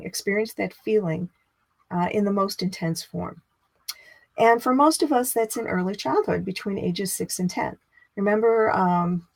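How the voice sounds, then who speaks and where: A middle-aged spiritual teacher gives a teaching talk in a medium-pitched, gravelly voice. Her delivery is chatty and expressive, and she raises her voice when acting out inner dialogue.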